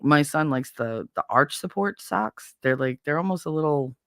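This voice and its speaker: A middle-aged woman with a fairly low voice, talking in a blunt, exasperated rant full of swearing. She speaks close to the mic in a dry, dead room, like a casual livestream host chatting to viewers. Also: expressive, normal speed, fairly bright tone, no echo. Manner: blunt, profane, exasperated ranting. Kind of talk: casual venting monologue.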